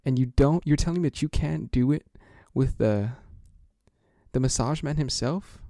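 A man on a sports podcast launches into a rambling, excitable rant while playing along with a jokey courtroom bit. His voice sits in a middle register. The sound is dry and close, with no room echo at all. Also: medium pitch, normal speed, creaky. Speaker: podcast co-host. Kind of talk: mock courtroom banter.

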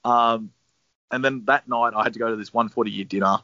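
A man's voice: mid-range voice, steady tone, a little fast, sharp tone, dry recording. A young man with an Australian accent, casually telling a long anecdote, laid-back and swearing freely. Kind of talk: casual storytelling. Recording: dry, slightly dull sound.

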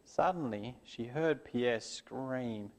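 A man telling a Bible story to children and closing in prayer, gentle and earnest. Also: mid-range voice, slow pace.

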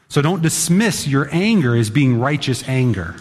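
A man's voice: medium pitch, expressive, moderate pace, hardly any pauses, darkish tone. A male pastor preaching a sermon in a conversational, emphatic way, sometimes acting out the voices of others. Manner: emphatic, conversational, acts out quotes. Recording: long hall reverb.

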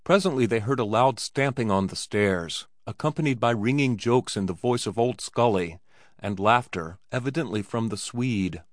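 This man narrates a scripted story for an audiobook with a steady storytelling delivery. He speaks at normal speed in a mid-range voice, captured in clean studio sound with no echo.

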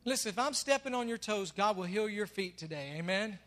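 A man preaching a sermon, swinging between soft asides and loud emphatic declarations. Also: high voice, lively intonation, fairly quick. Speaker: pastor. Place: church sanctuary. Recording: long reverb of a large hall, faint music.

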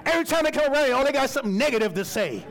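A man in the pulpit, high-pitched and expressive, preaching in a loose, colloquial way. He slips into acted-out voices to make his points and keeps the congregation involved. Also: very fast. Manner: teaches with props and volunteers, calls on readers. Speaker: pastor. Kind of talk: sermon.

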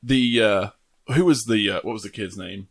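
A man's voice: lowish voice, moderate pace, slightly rough. A man co-hosting a podcast, chatting casually about movies, swearing and laughing often. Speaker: podcast co-host.

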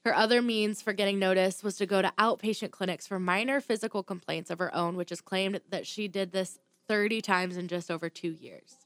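A podcast host tells a true crime story in a loose, casual storytelling chat, reading through her notes, stumbling now and then, and dropping blunt, profane asides. Her mid-range voice is fairly even in intonation and fairly quick. The recording is dry and close.

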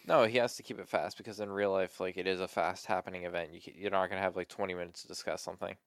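Young male co-host, low voice, dry close sound, loose and sweary in casual chat. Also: steady tone, rapid-fire, gravelly, fairly bright tone, no room sound. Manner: loose, swears often, trailing filler words. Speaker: podcast co-host.

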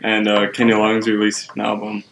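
Flat-voiced offbeat podcast guest. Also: male voice, lowish voice, brisk, creaky, echoey room, a little hiss or hum. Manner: offbeat, interjecting. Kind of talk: casual chat.

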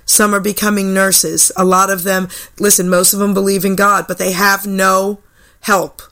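An older woman hosting a radio talk show, telling a personal story in a chatty way. Her voice is bright and clear. She acts out the people she quotes. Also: mid-range voice, level tone, normal speed. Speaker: radio host. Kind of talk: storytelling chat. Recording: radio broadcast.

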